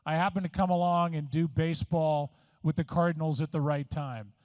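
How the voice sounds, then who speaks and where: A man's voice: fairly high pitch, steady tone, brisk, a little mellow, no room sound. Self-mocking man at a podium, dry sound. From Missouri. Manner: self-deprecating, conversational storytelling. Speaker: award honoree giving a speech. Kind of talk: after-dinner acceptance speech. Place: resort event room. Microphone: podium microphone.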